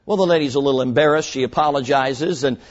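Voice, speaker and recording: A man preaching a sermon to young people, earnest and emphatic, slowing down to stress key words and telling stories with short acted voices. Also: mid-range voice. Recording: muffled, long hall reverb.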